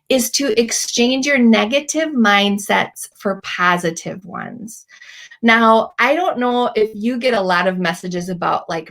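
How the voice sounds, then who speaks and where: A woman in her thirties hosting a Christian talk, telling personal stories in a chatty, animated way with many fillers. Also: medium pitch. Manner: chatty, animated storytelling with many likes and ums. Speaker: Christian podcast host. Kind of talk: faith-based encouragement talk.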